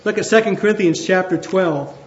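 High-voiced male pastor preaching in an echoey hall. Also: lo-fi sound, slight background noise. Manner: conversational, with slowed emphatic phrases. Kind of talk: sermon.

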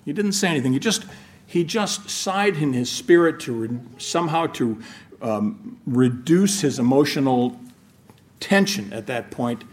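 A middle-aged man delivers a sermon in an easy, conversational tone. His voice sits at an ordinary pitch, and he often stops and restarts as he thinks out loud. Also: lively intonation, unhurried. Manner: conversational, with many restarts and asides. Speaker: preacher.

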